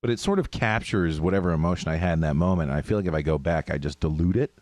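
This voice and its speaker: A deep-voiced man races through casual podcast chat as a co-host, telling stories animatedly with frequent laughter. There's no echo on the recording.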